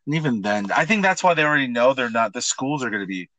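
A man's voice: medium pitch, fast talker, no room sound. A man co-hosting a podcast in casual chat, crude and joking as he tells stories. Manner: crude, joking, lively storyteller. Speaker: podcast co-host.

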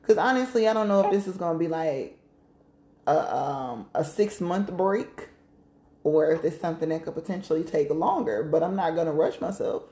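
A woman with a low, deep voice talks casually and candidly, swearing freely and laughing often. Her voice carries the echo of a reverberant room. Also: moderate pace, warm tone. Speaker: podcast co-host. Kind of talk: casual chat.

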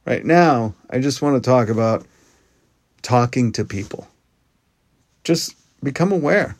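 Guy doing a podcast monologue, earnest, kinda rambly, mid pitch, dry mic no room. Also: animated, unhurried, no room sound. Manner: earnest and conversational, with frequent restarts. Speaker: podcast host. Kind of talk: casual monologue.

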